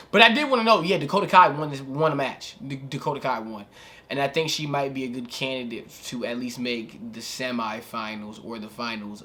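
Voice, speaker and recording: A man's voice: fairly low pitch, pushed and bright, slight background noise. A young man giving casual reaction commentary as a wrestling vlogger, laid-back and slangy, rambling with filler asides.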